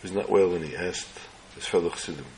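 Deep-voiced man telling a religious story. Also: a little mellow, slight background noise, low-quality recording. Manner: slow, measured phrasing in short phrases.

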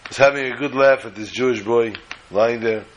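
A man's voice: medium pitch, normal speed, poor audio. A man telling a story in a sermon, acting out the dialogue with animation.

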